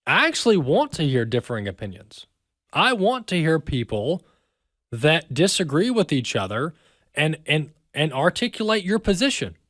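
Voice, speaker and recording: A man's voice: fairly high pitch, very animated, moderate pace, a bit bright, dry recording, clean studio sound. A man with an American accent hosting a talk radio show, speaking emphatically and repeating words as he builds his point.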